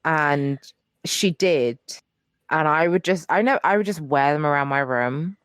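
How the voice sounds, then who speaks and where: A young woman co-hosting a podcast speaks at a measured pace in a low, smooth, fairly bright voice. In studio-quality audio with no room sound, she rambles casually, using many fillers and swearing casually.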